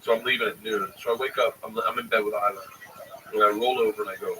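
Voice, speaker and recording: A man's voice: lowish voice, quick pace. A man in his forties, a comedian, telling profane family stories in casual chat and acting out the quotes. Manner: profane, animated storyteller who acts out quotes. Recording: distant mic, faint background noise.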